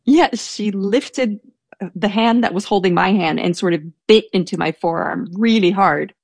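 A woman's voice: medium pitch, unhurried, vocal fry, darkish tone, no room sound, studio quality. A young woman telling a personal story in casual chat, hesitant, with many fillers and restarts. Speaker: storyteller guest. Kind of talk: casual anecdote.

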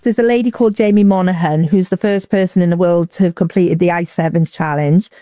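Woman from Wales, chatty storyteller, mellow tone, dry close sound. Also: fairly quick, no room sound. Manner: lively, acts out quotes with big pitch jumps. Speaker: interview guest. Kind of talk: casual storytelling.

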